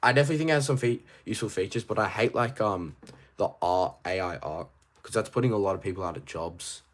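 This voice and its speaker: A man with an Australian accent chatting casually on a livestream, reading viewers' questions aloud and answering in a rambling, animated way. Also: lowish voice. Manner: rambling and animated, quick asides. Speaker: toy collector streamer.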